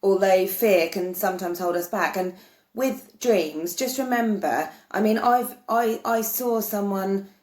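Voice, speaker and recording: A woman talks earnestly to camera about spiritual matters, wandering from thought to thought and restarting her sentences. Her voice sits at an ordinary middle pitch. The room around her gives the sound a noticeable echo. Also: a little slow, darkish tone. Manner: earnest, meandering, many restarts. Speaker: spiritual vlogger. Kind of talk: casual spoken explanation to camera. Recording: roomy echo.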